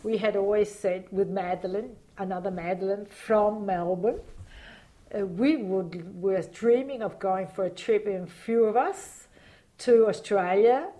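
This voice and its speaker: A woman's voice: mid-range voice, a little slow, warm tone. A woman being interviewed, talking in a reflective, hesitant way with many fillers and frequent laughs. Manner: laughs often while talking. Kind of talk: casual reminiscing interview.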